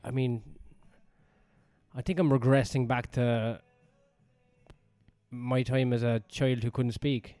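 A man and stand-up comic in casual chat, making blunt, crude, deadpan remarks. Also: medium pitch, takes it slowly, pauses often, dry recording.

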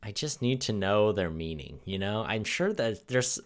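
A man with a low voice that swings widely up and down as he talks. He co-hosts a loose comedy chat and pushes mock-outraged opinions with big, theatrical emphasis. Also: lively intonation, normal speed. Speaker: podcast co-host.

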